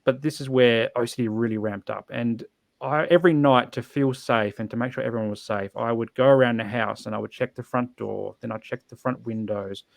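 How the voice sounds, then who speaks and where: A man's voice: mid-range voice, steady tone, a little fast, gravelly, no echo. A man telling his personal story as a podcast guest, earnest and reflective, often restarting his sentences.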